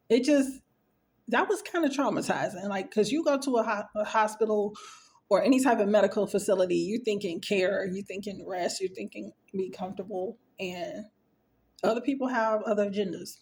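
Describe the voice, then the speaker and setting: A woman's voice: mid-range voice, normal speed, a little mellow. A woman telling a personal story in a casual, conversational way. She often stops to act out what others said. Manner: conversational, acts out quoted dialogue, frequent fillers. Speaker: storyteller sharing a personal experience.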